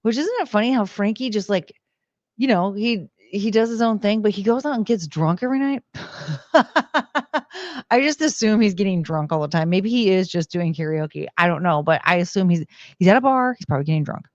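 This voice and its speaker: A woman's voice: mid-range voice, animated, brisk, dry recording. Rambling woman streamer, dull dry sound. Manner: rambling, heavy use of "like" and "um". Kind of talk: casual stream chat. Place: at home. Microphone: desk microphone.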